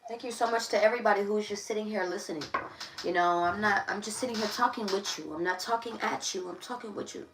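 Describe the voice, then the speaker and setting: A woman's voice: medium pitch, fast talker. A woman hosting a tarot live stream, talking in an emphatic, preachy way and repeating her phrases over and over. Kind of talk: impassioned live-stream monologue. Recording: echoey room, distant mic, faint noise.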